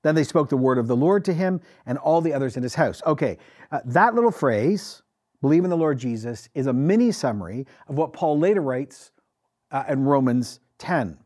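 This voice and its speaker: A man's voice: mid-range voice, expressive, moderate pace, darkish tone. A male pastor preaching a sermon to his congregation, emphatic and asking them questions. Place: church with a congregation.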